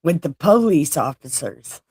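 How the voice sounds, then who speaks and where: Slow, low-voiced woman in her forties. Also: big pitch swings, a little mellow, breathy edge, no echo. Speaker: adult daughter. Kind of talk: casual chat.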